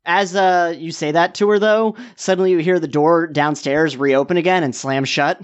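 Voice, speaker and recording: A man running a tabletop game as game master, narrating in a casual, halting way with many fillers. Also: fairly high pitch, fairly even intonation, clear, resonant tone. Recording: dull lo-fi recording.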